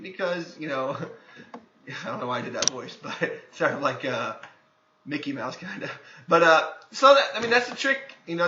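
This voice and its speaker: A man's voice: a little high, pushed and bright. A man, a fitness trainer, talking through a casual screen-recorded tutorial in a conversational way, with many filler phrases. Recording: echoey room, dull lo-fi sound.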